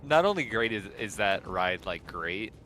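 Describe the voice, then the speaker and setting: Male co-player, very low and lively voice, bright tone, relaxed and enthusiastic. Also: moderate pace, a crowd in the background. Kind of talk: casual chat while gaming.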